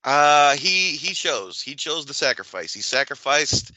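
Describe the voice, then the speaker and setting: A man's voice: a little high, unhurried, no echo, rough recording. A man co-hosting a podcast, chatting casually and swearing freely as he retells scenes. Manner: swears a lot, animated retelling. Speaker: podcast co-host. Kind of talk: casual chat.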